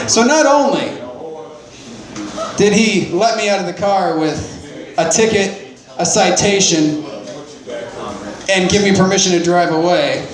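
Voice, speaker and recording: A man's voice: high-pitched, unhurried, pauses often, roomy sound, crowd noise, rough recording. A man telling a personal story in a casual, profane, self-deprecating way, with lots of restarts.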